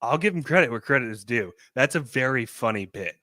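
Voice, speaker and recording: A man's voice: medium pitch, expressive, a little fast, pushed and bright, no room sound, clean studio sound. A man co-hosting a podcast who banters in a laid-back, joking way and swears casually. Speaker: podcast co-host.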